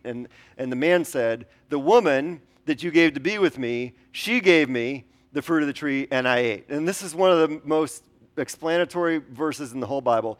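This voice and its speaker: A man's voice: medium pitch, moderate pace. Male pastor preaching, chatty, lots of ums and questions to the congregation. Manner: conversational, with frequent ums and rhetorical questions to the congregation. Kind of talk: sermon.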